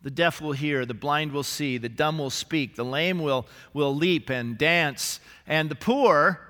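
A male senior pastor preaching a sermon in a church, animated and lively, with humorous asides and acted-out quotes. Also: fairly high pitch, a little slow. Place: church sanctuary. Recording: live church recording with long hall reverb.

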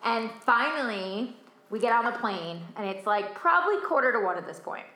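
A young woman recounts a long ordeal in casual chat, exasperated and animated, jumping in to act out what other people said. Her voice sits a little high. The room is echoey. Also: moderate pace.

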